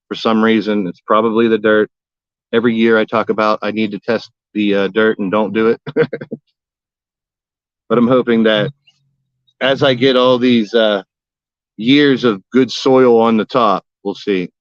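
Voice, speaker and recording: In a muffled, dry recording, a gardening vlogger chats on a casual livestream from his backyard. He's a man with a lowish voice who rambles folksily and jokes using old sayings.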